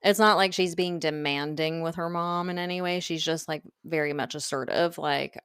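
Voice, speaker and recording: A co-host with a gravelly, fry-heavy voice chats loosely, full of "like" and easy agreement. It is a mid-pitched voice recorded close and dry in casual recap talk. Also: steady tone, normal speed, fairly bright tone, no echo. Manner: agreeable, chatty, filler-heavy. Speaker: podcast co-host.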